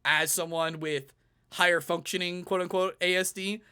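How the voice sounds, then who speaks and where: A man's voice: high voice, moderate pace, clean tone. A young man on a panel, telling a personal story in casual chat and acting out his own past remarks. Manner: animated, quotes himself in lively acted-out asides. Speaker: panel guest.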